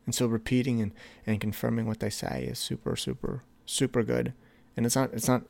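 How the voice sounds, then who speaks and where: A young man hosting his own podcast, talking casually in a rambling, animated way and acting out texts in a higher voice. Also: moderate pace, gravelly. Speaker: podcast host. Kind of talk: casual solo podcast talk.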